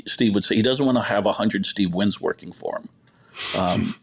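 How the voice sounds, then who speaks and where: A middle-aged hospitality executive appears as a podcast guest, telling long work anecdotes in a casual, rambling storytelling interview. His lowish voice is husky and moves at a normal speed. He fills his stories with fillers and quoted dialogue.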